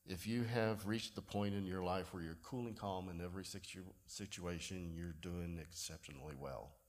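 A pastor, giving a sermon in a relaxed storytelling way with self-deprecating humor. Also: male voice, deep voice, moderate pace.

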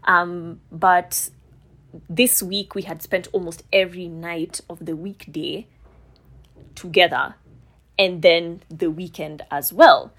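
Woman, young adult, low-ish voice, candid, confessional storytelling, swears freely, halting. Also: fairly even intonation. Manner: frank, confessional, swears freely, many ums and restarts. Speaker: podcast co-host.

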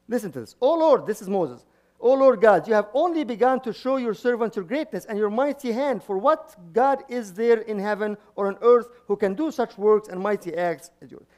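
High-voiced priest preaching, halting restarts. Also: male voice, a little mellow. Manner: frequent restarts and repeated words, chuckling asides. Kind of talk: sermon.

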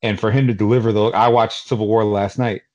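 Low-voiced man from Queens, chatty. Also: brisk. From Queens, New York. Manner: animated, rambling storytelling with many fillers. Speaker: podcast co-host. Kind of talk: casual podcast chat.

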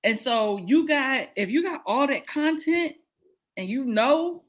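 A woman in her thirties chatting casually over a video call, blunt, profane and animated, often laughing. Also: high voice, slow pace. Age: 30s. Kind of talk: casual chat.

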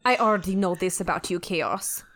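A woman's voice: on the low side, normal speed, background noise, natural voice. A woman voicing a haughty female ship computer in a tabletop game, boastful and openly threatening. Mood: imperious.

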